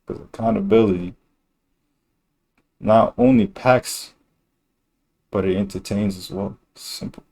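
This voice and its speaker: A man's voice: lowish voice, fairly even intonation, measured pace, gravelly, pauses often, a little mellow. A male streamer talking in a rambling, slangy and blunt way during a casual reaction stream.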